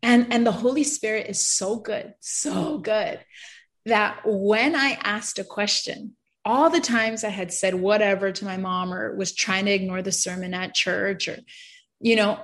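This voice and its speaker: A woman's voice: mid-range voice, a little slow, fairly bright tone. A woman in her thirties sharing an emotional faith testimony in an earnest, heartfelt way, full of fillers.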